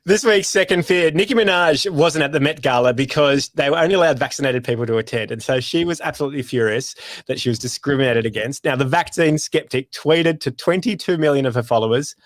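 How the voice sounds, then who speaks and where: A man's voice: a little high, fairly quick, hardly any pauses, no room sound, clean studio sound. A man with an Australian accent hosting a comedy podcast, reading out segments in a wry tone and laughing along with guests. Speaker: podcast host.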